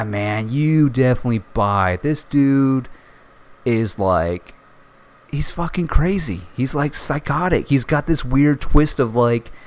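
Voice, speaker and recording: A man hosting a casual solo podcast, reviewing a TV show in an excitable way, swearing often and full of fillers. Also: mid-range voice. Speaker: podcast host.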